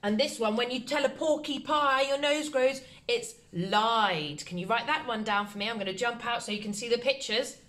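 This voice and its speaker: A woman teacher, giving a slow, encouraging phonics lesson to young children and sounding out letters. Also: on the high side, fairly bright tone. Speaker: primary school teacher. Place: home, recorded for online learning.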